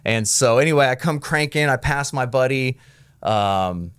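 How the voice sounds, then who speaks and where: A man's voice: mid-range voice, animated, normal speed, a bit bright, clean tone, dry recording, clean studio sound. A man in his thirties, a guest on a podcast, telling stories in a laid-back, profane way and laughing often. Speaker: guest, cannabis breeder. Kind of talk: casual podcast storytelling.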